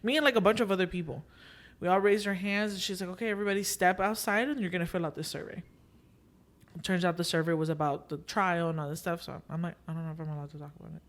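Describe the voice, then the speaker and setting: On the low side and quick, a young woman's voice carries a podcast story told casually. She animates what others said in her lively retelling, slipping into Spanish filler phrases.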